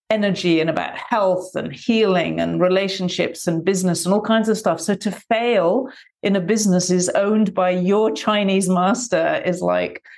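Thoughtful woman guest; earnest, low-pitched, calm delivery. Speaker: guest author. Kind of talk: reflective interview storytelling. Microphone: video call.

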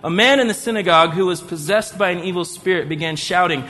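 A man preaching a sermon in an animated way, acting out the people in his story. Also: high voice, fast talker, few pauses. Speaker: pastor. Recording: long hall reverb.

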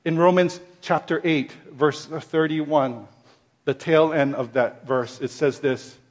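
Slow, high-voiced preaching pastor. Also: male voice, steady tone. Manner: rhythmic repetition, building to emphatic high peaks then dropping soft; slow, deliberate delivery. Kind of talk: sermon.

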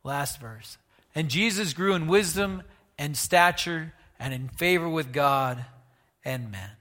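A man preaching a sermon, animated, asking the congregation questions and moving between loud and hushed delivery. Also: a little high, takes it slowly, big-room sound. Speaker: pastor.

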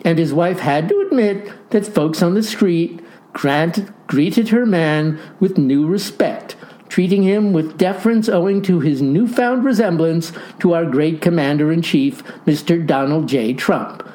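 A man's voice: on the high side, measured pace, warm tone. Male narrator, dry comic storyteller, folksy old-time diction.

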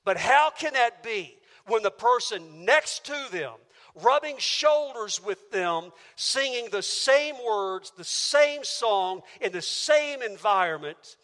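A man's voice: high voice, animated, slow pace, a bit bright, big-room sound. A man preaching a sermon to a church auditorium, emphatic and driving his points home with rhetorical questions. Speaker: pastor.

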